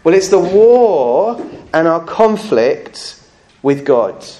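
A man preaching a sermon at a church service, earnest and conversational, with slow emphatic phrases and touches of humour. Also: a little high, big pitch swings, warm tone.

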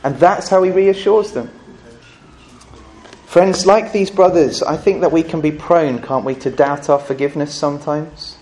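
A man with a notably high voice delivers a Sunday sermon. He speaks earnestly and conversationally, often stopping to ask his listeners questions. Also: moderate pace, a little mellow. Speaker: pastor.

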